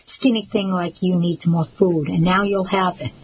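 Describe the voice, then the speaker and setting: Woman reading old man, gruff, menacing, coaxing, audiobook figure, fairly low voice. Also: steady tone, normal speed, slight background noise, lightly acted, low-quality recording. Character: gruff old male horse buyer, menacing.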